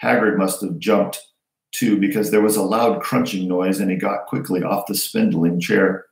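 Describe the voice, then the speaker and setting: A male teacher reading a novel aloud to his students in a steady, unhurried way. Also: sits low, creaky. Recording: roomy echo.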